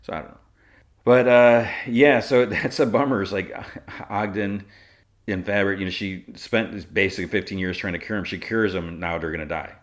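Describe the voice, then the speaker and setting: A man's voice: on the low side, normal speed. A man hosting a podcast, recapping a TV episode in a rambling, casual way full of fillers. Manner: rambling, filler-heavy retelling with quoted lines. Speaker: podcast host.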